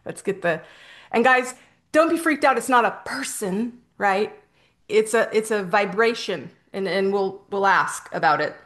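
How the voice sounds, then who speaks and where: Slow hesitant woman hosting, lots of restarts, casual talk to viewers. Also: medium pitch, lively intonation, a bit bright. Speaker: host interviewing an AI voice.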